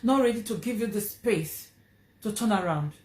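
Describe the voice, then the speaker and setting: A woman's voice: medium pitch, lively intonation, normal speed, darkish tone, echoey room. A woman with a Nigerian accent telling a personal story to her vlog audience, earnest and emphatic, repeating phrases for stress. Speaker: vlogger.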